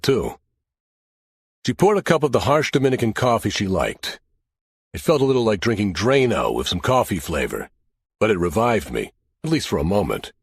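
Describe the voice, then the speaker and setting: A man giving an expressive, first-person audiobook narration of a crime thriller. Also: on the low side, husky, dry recording, clean studio sound.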